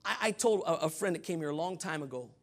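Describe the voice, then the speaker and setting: A man preaching a Baptist sermon, dropping into low asides and then rising to shouted peaks. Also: animated, fast talker. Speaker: pastor.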